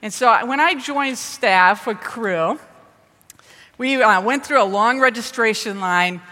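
A woman from the Midwest giving a lively storytelling talk to an audience. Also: on the high side, measured pace. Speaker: speaker at a ministry event. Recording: reverberant hall.

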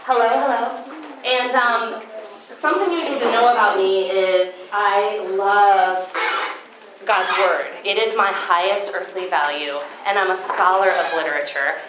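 A woman giving a personal testimony talk to an audience, heartfelt and sometimes tearful, pausing to greet people as they come in. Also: medium pitch, background noise. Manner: warm, tearful, greets latecomers. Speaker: speaker at a Christian gathering. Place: room with an audience. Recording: echoey room, faint ambience.

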